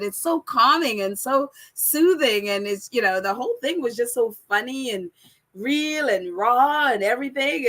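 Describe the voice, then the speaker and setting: A woman's voice: high voice, fairly bright tone. A woman hosting a casual live chat and reading out viewer comments. Her voice jumps all over the place, and she laughs often.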